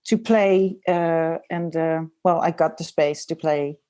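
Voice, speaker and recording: A woman from the Netherlands, a designer, speaking as a guest in a casual podcast interview. She talks thoughtfully, pausing often to search for words. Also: low voice, fairly even intonation, warm tone, clean tone. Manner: thoughtful, hesitant, many ums and pauses.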